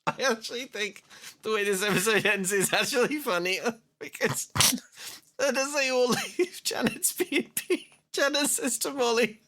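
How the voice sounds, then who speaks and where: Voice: mid-range voice, moderate pace, sharp tone. A podcast co-host recapping a TV episode in casual, comedic chat, telling it animatedly and laughing mid-sentence.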